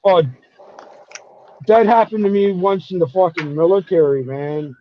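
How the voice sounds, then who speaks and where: A man's voice: high-pitched, measured pace, slight background noise. Profane storytelling man, dull lo-fi audio. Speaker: podcast guest telling stories. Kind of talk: casual chat.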